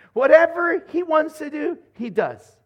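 Lively high-voiced man preaching. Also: slow. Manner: animated, playful, acts out voices in his retellings. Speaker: pastor. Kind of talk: sermon.

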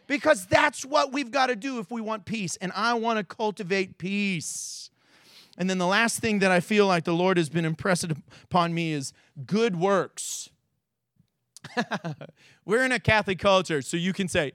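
A man preaching a sermon as a pastor in a church, animated and acting out quotes with big swings in his voice. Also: high-pitched, unhurried, no room sound, studio quality.

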